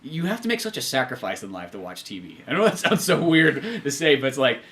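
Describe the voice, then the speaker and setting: Man, podcast co-host, quick rambling chat, lively pitch, blunt and swears a lot. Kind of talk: casual chat.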